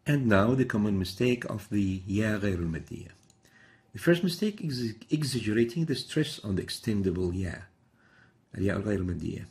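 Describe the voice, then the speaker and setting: A man's voice: lowish voice, expressive, fast talker, a little mellow. A middle-aged man teaching Quran recitation in a methodical lesson, repeating example words to demonstrate each sound. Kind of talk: instructional lesson.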